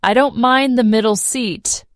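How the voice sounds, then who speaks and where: A woman reading the lines of a calm, friendly male airline passenger in a language-lesson story, with a gentle manner. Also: very high voice, measured pace, dry recording, studio quality, voice pushed up. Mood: kind. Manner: gentle, easygoing.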